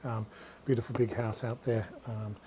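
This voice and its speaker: Here a man with a fairly low, warm voice keeps a level tone and a moderate pace, with a little hiss or hum in the background. As an author giving a live talk in a bookshop, he rambles through anecdotes about his books for a small audience, often restarting and going off on asides.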